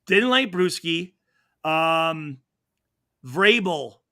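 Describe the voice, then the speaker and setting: A man's voice: a little high, animated, very slow, bright, forceful tone. A man in his forties, a former football safety, telling rambling, profane stories in a casual interview and acting out what others said. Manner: profane, rambling, acts out quotes.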